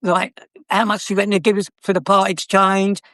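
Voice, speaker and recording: A man's voice: high-pitched, little pitch movement, brisk, bright, forceful tone, no room sound, clean studio sound. An older man with a South London accent, a former car dealer telling stories in a chatty, cheeky way with frequent laughs. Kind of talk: anecdotal storytelling.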